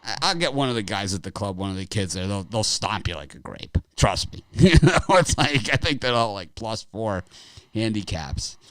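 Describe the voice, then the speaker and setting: A man's voice: on the low side, big pitch swings, normal speed, a bit bright, a little hiss or hum. A middle-aged man hosting a sports betting show, talking casually in a rambling way and laughing often. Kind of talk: casual chat.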